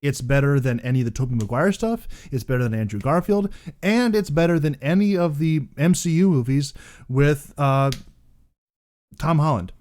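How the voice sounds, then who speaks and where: A man co-hosting a casual podcast, rambling and animated, laughing often between his sentences. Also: fairly high pitch, normal speed. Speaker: podcast co-host.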